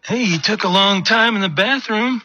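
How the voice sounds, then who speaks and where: A man's voice: high-pitched, normal speed, sharp tone, muffled recording, faint music behind. An actor playing a young man's drug-using friend who talks in a casual, concerned way. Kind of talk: dramatized testimony reenactment.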